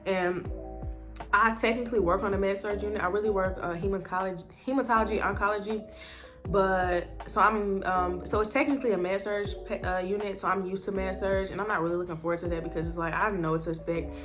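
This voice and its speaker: A woman's voice: medium pitch, level tone, brisk, over music. A woman chatting casually as a nursing student vlogger, full of "like" and "um". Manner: chatty, leans heavily on "like" and "um". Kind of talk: casual chat.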